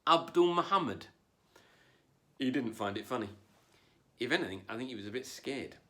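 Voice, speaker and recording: A man's voice: medium pitch, fast. A man doing a wry, self-deprecating stand-up comedy set from home, with no audience. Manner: wry, self-deprecating delivery with put-on voices. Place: home, performing without an audience.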